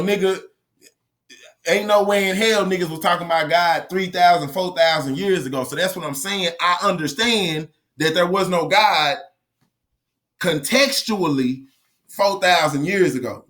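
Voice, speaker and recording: A man's voice: on the high side, pushed and bright. A man giving a blunt, profane opinion monologue, lecturing his audience and hammering his points home by repeating them. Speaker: commentary channel host.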